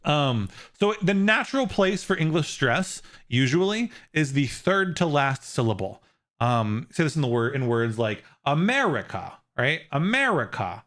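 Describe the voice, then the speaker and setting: A male streamer chatting off the cuff with his viewers, his voice sitting a little high and swinging widely in pitch. He rambles, restarts sentences and laughs often. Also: expressive, unhurried, fairly bright tone. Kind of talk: casual live-stream chat with viewers.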